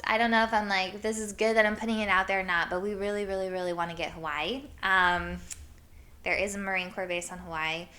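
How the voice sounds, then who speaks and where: A woman's voice: mid-range voice, sharp tone. A young woman from Iowa hosting her own show, telling stories in a chatty way full of "like" and the odd swear word. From Iowa, USA. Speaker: podcast host. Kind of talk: casual storytelling monologue.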